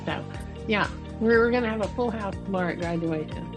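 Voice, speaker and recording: A woman's voice: mid-range voice, brisk, over music. Chatty woman on a livestream. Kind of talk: casual livestream chat.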